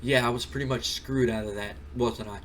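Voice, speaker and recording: A man's voice: mid-range voice, fairly even intonation, brisk, a little hiss or hum, lightly acted. A man voicing an arrogant male wrestler who complains indignantly. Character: arrogant male wrestler, whining, self-important.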